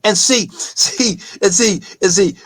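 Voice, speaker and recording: A man hosting a talk show, delivering an impassioned political monologue in a preachy, emphatic way and sometimes shouting. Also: high-pitched, slow, husky, no room sound.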